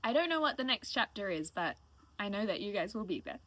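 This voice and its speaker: Woman in her late twenties, streamer, heartfelt casual chat, rambling, mid-pitched. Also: very animated, brisk, fairly bright tone, no echo. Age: late 20s. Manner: emotional, rambling, thankful. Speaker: live streamer.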